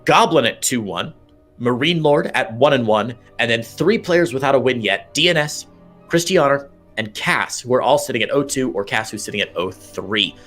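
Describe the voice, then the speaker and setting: A man's voice: mid-range voice, normal speed, fairly bright tone, faint music behind. Chatty male esports play-by-play caster. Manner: chatty, playful, hesitant restarts. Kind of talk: play-by-play commentary.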